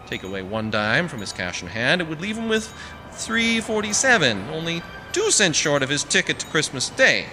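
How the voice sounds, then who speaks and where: A man's voice: on the high side, very animated, moderate pace. A man narrating a story aloud with a dry, wry storytelling manner, in a recording with long reverb and faint music. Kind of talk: storybook reading.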